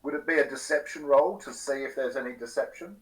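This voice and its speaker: A man playing in a tabletop game, asking quick, hesitant questions of the game master. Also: medium pitch, rough recording. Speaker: player. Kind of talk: casual tabletop game talk.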